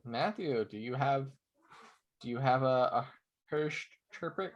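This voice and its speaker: A man's voice: mid-range voice, measured pace, muffled recording. Chill guy cohosting a gaming podcast, short offhand answers. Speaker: podcast co-host. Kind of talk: casual gaming podcast chat.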